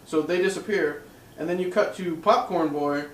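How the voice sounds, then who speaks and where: A man's voice: fairly high pitch, moderate pace, reverberant, recorded from a distance, slight background noise, rough recording. A man chatting casually while reviewing a movie, laughing often as he recaps scenes. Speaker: co-host.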